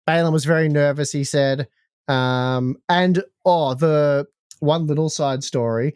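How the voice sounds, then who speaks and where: A man's voice: fairly high pitch, unhurried, darkish tone, clean tone, dry recording, clean studio sound. An Australian man co-hosting a podcast, telling a story in a chatty, joking way. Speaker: podcast co-host. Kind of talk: casual chat.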